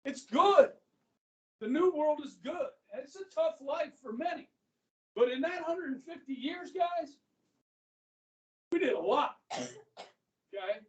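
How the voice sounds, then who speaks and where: A man's voice: extremely high pitch, lively intonation, slow, long pauses, muffled recording. Middle-aged guy teaching history, chatty, lots of okay?, echoey classroom from far off. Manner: chatty, keeps checking in with students. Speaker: high school history teacher. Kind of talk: classroom lecture.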